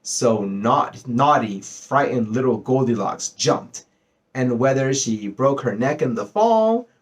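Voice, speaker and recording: A man reading a classic fairy tale aloud as a bedtime story, slowing and rising for effect. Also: mid-range voice. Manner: expressive, rises and slows for effect.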